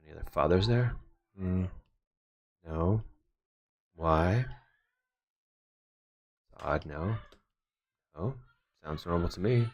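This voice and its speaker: A man's voice: sits low, lively intonation, slow, pauses often, highs cut off. A man in his thirties, a photographer chatting casually and rambling with joking asides while he works at his computer. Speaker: photographer doing a livestream. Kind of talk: casual chat while working.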